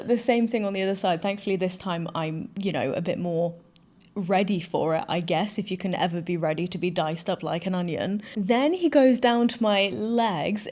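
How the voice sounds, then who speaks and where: A woman's voice: medium pitch, darkish tone. Woman in her 30s, vlogger, chatty, giggly, self-deprecating, casual storytelling.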